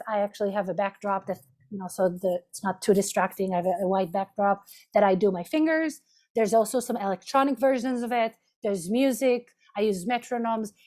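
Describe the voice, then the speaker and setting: A woman's voice: medium pitch, a little mellow. A woman therapist giving a lunch-and-learn talk over a video call, explaining step by step and often checking in with "right?". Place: home office, video call.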